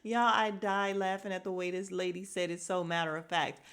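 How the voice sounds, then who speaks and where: A woman's voice: fairly low pitch, brisk, clear, resonant tone. Gossipy woman recapping reality TV. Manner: animated, gossipy, laughs often. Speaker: podcast host.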